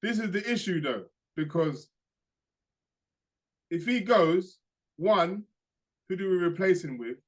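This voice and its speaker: A young man, chatting casually as a podcast co-host and telling lively stories in slang. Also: sits high, slow pace, pauses often. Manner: animated storytelling, slangy, laughs through anecdotes. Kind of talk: casual chat.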